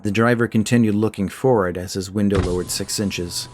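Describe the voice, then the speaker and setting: A man narrating a short fiction story in a measured, scripted storytelling style. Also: lowish voice, little pitch movement.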